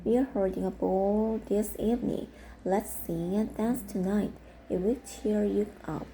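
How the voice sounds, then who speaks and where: A woman reading a storybook aloud and voicing an old grandmother mermaid who gently warns her granddaughter. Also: medium pitch, fairly even intonation, unhurried, a little hiss or hum, lightly acted, low-quality recording. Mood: gentle. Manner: gently warning.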